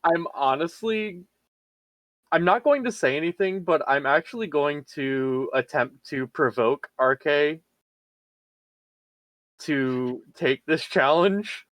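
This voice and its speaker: A man's voice: a little high, slow pace, a bit bright, dry recording. Hesitant man explaining his game move. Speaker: tabletop game player. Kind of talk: casual tabletop game chat.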